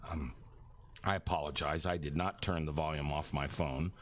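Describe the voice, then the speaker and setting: A man's voice: rumbling low, fairly even intonation, moderate pace, fairly bright tone. A middle-aged man hosting a casual talk radio show from a studio, rambling and apologetic as he reminisces. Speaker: radio and webcast host.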